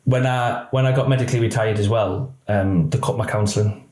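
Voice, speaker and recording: A man, a retired police officer telling a personal story in halting speech that often quotes others. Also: on the low side, a little mellow. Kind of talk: emotional personal account. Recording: roomy echo.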